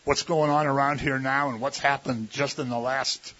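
A man's voice: mid-range voice, steady tone, moderate pace, fairly bright tone. A man preaching a sermon in a conversational, folksy way, often slipping into mimicked voices. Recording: dull lo-fi recording.

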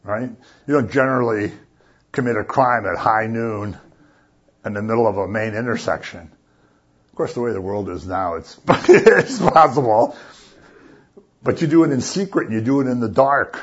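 A man's voice: fairly low pitch, a little fast, slightly rough, highs cut off. A man giving a casual, conversational sermon and often checking in with his listeners. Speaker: preacher.

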